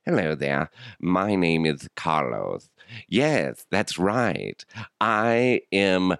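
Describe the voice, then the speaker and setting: A man with a sick, rough throat voicing a perverted fake British man in a mock British accent, with a slow, prim delivery. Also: sits low, sing-song, fairly bright tone, no echo, studio quality, exaggerated voice.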